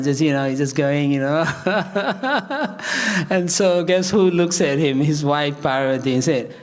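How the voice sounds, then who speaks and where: A male preacher telling a story in a sermon, lively and chuckling often. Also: on the high side. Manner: chuckles often, lively, peppered with "you know".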